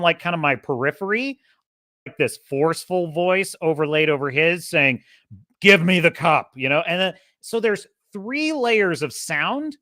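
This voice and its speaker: Bright-voiced enthusiastic male podcaster. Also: fairly high pitch, no room sound, studio quality. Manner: enthusiastic, rambling, self-correcting. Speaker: podcast host. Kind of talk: casual film review monologue.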